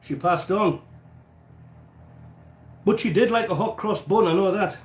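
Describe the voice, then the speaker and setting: Here the man's voice is high and his pace measured, heard in an echoey room. He's an English livestream host from England, baking in a small home kitchen while casually chatting and answering viewers, nose stuffed up and coughing occasionally.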